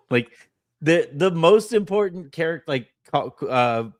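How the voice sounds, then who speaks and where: A man's voice: fairly high pitch, animated, takes it slowly, dry recording, studio quality. Sarcastic man hosting a podcast. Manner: sarcastic, laughs often. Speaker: podcast host. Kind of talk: casual podcast chat.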